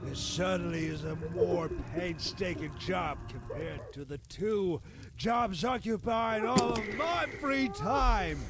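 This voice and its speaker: An actor playing a bitter, weary father who argues with his wife, resentful and breaking into shouts. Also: sits high, slow, few pauses. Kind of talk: game voice acting. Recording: under loud game noise.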